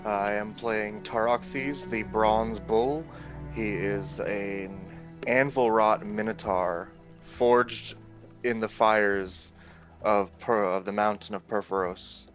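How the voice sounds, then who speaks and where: A man with a lowish voice, explaining his character's backstory slowly and steadily at a tabletop game. Faint music runs underneath. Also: steady tone. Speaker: player.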